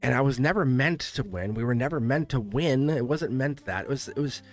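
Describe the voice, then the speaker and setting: Give me a man at mid pitch doing a live tarot reading, chatty and rambling, cutting into his own sentences and chuckling as he goes. Soft music plays faintly behind him. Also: lively intonation, a little fast. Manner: rambling, restarts sentences, laughs often. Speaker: live tarot reader and channel host.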